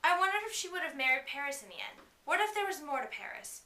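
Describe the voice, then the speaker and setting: A woman's voice: high-pitched, sing-song, fast, bright, forceful tone, recorded from a distance. A woman reading a novel aloud in a casual way, breaking off for giggly, chatty asides, recorded in an echoey room away from the mic. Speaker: reader. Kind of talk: casual read-aloud with commentary.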